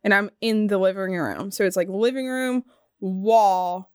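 A woman guest in a studio, casually telling ghost stories with lively laughs and acted-out bits. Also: mid-range voice, a little slow, smooth, no room sound. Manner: animated, laughs often, acts out voices. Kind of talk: casual storytelling chat.

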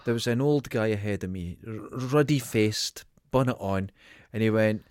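A man's voice: lowish voice, moderate pace, no echo. A man with a Dundee accent, a podcast co-host telling stories in casual chat, swearing freely. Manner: sweary, animated storyteller.

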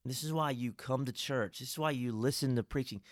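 A man's voice: mid-range voice, brisk, dry recording, studio quality. A man, a pastor co-hosting a casual Bible-study chat, emphatic and folksy with preacherly asides.

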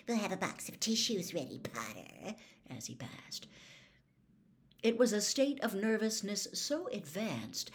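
Expressive woman reading a storybook aloud. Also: medium pitch. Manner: expressive, dramatic narration.

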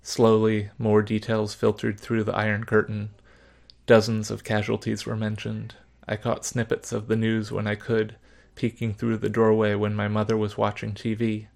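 A man narrating a story in the first person, measured, subdued and reflective. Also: on the low side, completely flat delivery, creaky, darkish tone.

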